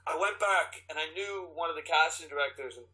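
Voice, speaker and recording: A man, an actor, telling stories in a casual interview, animated and full of restarts as he acts out his own quotes. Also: fairly high pitch, fairly quick, poor audio. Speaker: actor guest.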